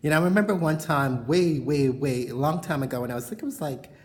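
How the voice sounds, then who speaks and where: A woman's voice: sits low, fast talker, darkish tone. Woman vlogger, bedroom chat to camera, frank and rambling, lots of fillers. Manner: frank, rambling, heavy on "you know" fillers. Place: bedroom at home.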